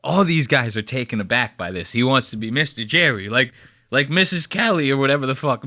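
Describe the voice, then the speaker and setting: Fairly quick and animated, a mid-range male voice with a bright, forceful tone fills this clean, echo-free studio recording. He's a thirtysomething New Jersey podcast host riffing casually with mockery and plenty of swearing.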